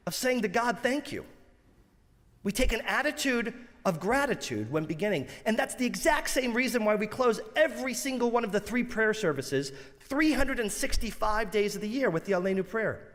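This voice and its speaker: A man's voice: high voice, animated, normal speed, fairly bright tone. Earnest preaching rabbi, man, echoing sanctuary. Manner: earnest, rhythmic preaching with emphatic alliteration. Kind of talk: sermon. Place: large synagogue sanctuary. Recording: long reverb of a large sanctuary.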